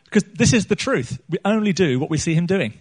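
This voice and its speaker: A man's voice: high voice, animated, fast, a little mellow, husky. A man preaching a sermon on a small church stage, chatty and joking, throwing questions out to the congregation.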